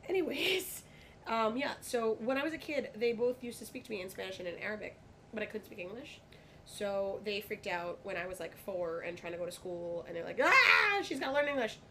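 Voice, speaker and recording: A woman's voice: mid-range voice, steady tone, brisk. Woman guest, bartender, candid and foul-mouthed, casual chat with faint hiss behind. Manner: candid, blunt and profane.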